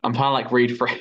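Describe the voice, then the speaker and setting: A man's voice: medium pitch, highs cut off. A teenage boy hosting a casual podcast chat, playful and chatty. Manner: chatty, playful, says "blah blah". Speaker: podcast host.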